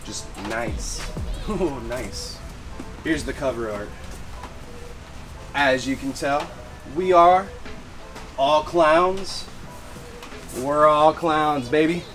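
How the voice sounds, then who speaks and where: A fairly high-voiced man talks through his collection in a casual show-and-tell vlog. He is hyped and slangy, loops the same catchphrases and keeps bursting with excitement. Music plays clearly underneath him. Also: extremely slow, pauses often. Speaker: fireworks vlogger. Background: background music.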